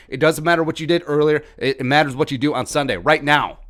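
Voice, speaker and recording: A man's voice: medium pitch, fast talker, hardly any pauses, a bit bright. Heated, sarcastic male sports podcaster. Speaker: podcast host.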